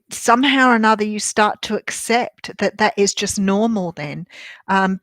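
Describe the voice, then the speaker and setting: An older Australian woman chats to her live-stream viewers about her readings. She rambles along with plenty of ums and restarts. Her mid-pitched voice is recorded close and dry, with no room echo. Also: a bit bright. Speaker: tarot reader and medium hosting a live stream. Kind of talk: casual live-stream chat. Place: a room at home.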